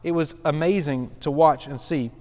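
A man's voice: fairly high pitch, steady tone, moderate pace, dark tone. A man in his forties, a pastor, teaching a Bible study in a casual, earnest way with frequent restarts and fillers. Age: 40s. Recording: long hall reverb.

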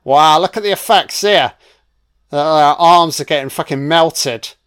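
Slow, foul-mouthed British man. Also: a little high, smooth. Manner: constant swearing, blunt, reacts out loud to on-screen events. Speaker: film commentator. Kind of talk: live film reaction commentary.

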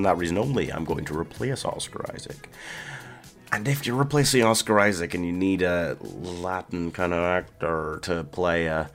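A man hosting a solo movie podcast, chatting casually and laughing often. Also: low voice. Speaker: podcast host.

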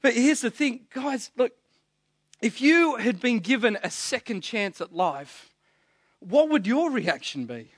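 A man's voice: very high-pitched, very animated, measured pace, no echo, studio quality. A man preaching a sermon, telling stories earnestly and often restarting his words. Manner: earnest storytelling, stammering restarts. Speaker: pastor.

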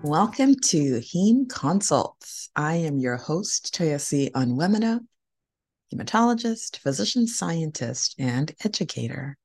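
A woman's voice: low-pitched, very animated, slow, darkish tone, soft background music. A woman hosting a podcast, giving an earnest, emphatic motivational talk and repeating key phrases for encouragement. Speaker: podcast host and hematologist.

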